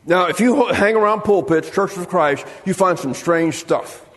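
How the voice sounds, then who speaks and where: A man's voice: high voice, moderate pace, in a large hall. A man preaching a sermon, telling humorous stories and acting out the voices of the people in them. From United States. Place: church sanctuary.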